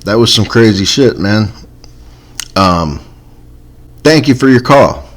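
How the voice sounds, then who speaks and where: Slow, low-voiced rambling podcast host. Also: male voice, lively intonation. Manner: rambling, wry, self-mocking. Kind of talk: casual comedy podcast chat.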